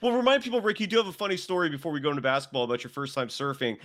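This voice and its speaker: A man co-hosting a sports talk show speaks in a slightly high voice. He is laid-back, laughs easily, and tosses in quick asides between questions. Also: a bit bright. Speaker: co-host. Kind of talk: casual sports podcast chat.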